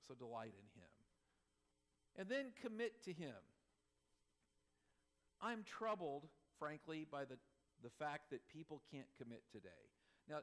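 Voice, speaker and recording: Man, middle-aged, pastor, sermon, fairly high voice, lively emphasis, soft chuckling asides. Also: a little slow, pauses often. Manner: animated, swings between loud emphasis and soft asides, chuckles.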